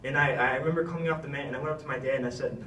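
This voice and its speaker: A man's voice: medium pitch, fairly even intonation, racing, sharp tone, distant mic, a little hiss or hum. Young man, earnest farewell speech, rambling, fillers; off-mic in an echoey room. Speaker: retiring wrestler giving a thank-you speech. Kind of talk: heartfelt speech.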